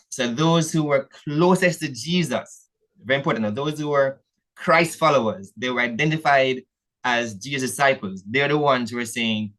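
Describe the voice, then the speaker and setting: A man's voice: medium pitch, moderate pace, a bit bright. A Jamaican church elder preaching a sermon in a meeting hall, earnest and calling his listeners family, often restarting his sentences.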